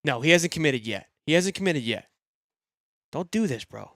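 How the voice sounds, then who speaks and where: A young man hosting a live fan sports show, excitable and rambling, swearing freely and swinging from loud hype to low grumbling. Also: normal speed, dry recording, studio quality. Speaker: sports podcast host.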